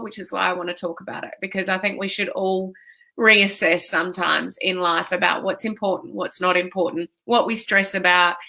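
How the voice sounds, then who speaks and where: A woman's voice: medium pitch, sharp tone. A woman coach chatting live with viewers, emotional and tearful from a migraine, greeting people by name. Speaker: online fitness coach. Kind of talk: live video chat with viewers.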